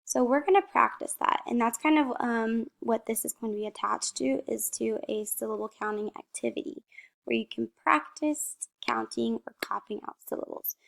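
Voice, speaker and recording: A woman teacher with a fairly high voice leads young children through a slow, encouraging phonics lesson. She pronounces each word clearly, poses a question, then supplies the answer.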